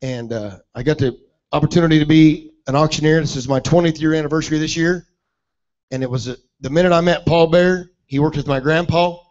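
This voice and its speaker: A man's voice: fairly high pitch, fairly even intonation, a little fast, a little mellow. Earnest man speaking to an auction crowd. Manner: earnest, plain-spoken tribute. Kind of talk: heartfelt speech to an audience. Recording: muffled lo-fi recording.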